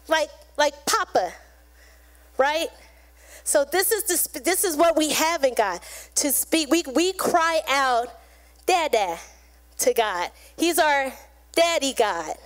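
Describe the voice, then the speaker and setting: A woman preaching to a congregation in an easygoing, chatty style. Her voice sits high, and she keeps things loose and conversational, dropping into short acted-out lines now and then. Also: lively intonation, takes it slowly. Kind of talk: sermon.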